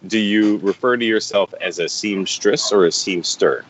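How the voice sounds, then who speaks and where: A man's voice: on the low side, normal speed, slight background noise, low-quality recording. A man co-hosting a casual stream chat, teasing his guests and swearing freely.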